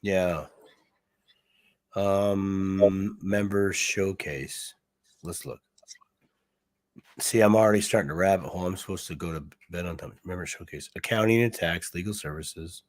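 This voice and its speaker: A man's voice: low-pitched, measured pace, long pauses. A man co-hosting a casual livestream chat, rambling and joking as he thinks aloud while browsing a website. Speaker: co-host.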